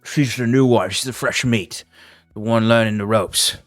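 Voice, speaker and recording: A man's voice: on the low side, steady tone, normal speed, dry recording, faint music behind, natural voice. A man voicing an eager male cyborg gang member who talks through a mouthful of food. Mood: teasing.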